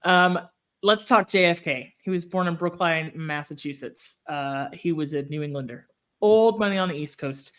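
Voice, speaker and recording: A woman's voice: sits low, moderate pace, fairly bright tone. A woman from Texas co-hosting a podcast, chatting casually with plenty of ums and easy laughter. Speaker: podcast co-host. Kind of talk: casual chat.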